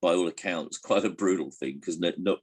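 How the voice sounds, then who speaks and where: Older man, low husky voice, rambling anecdotal interview answers. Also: a little fast. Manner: hesitant, many restarts, chuckles while telling jokes. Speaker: interviewee recalling a comedian.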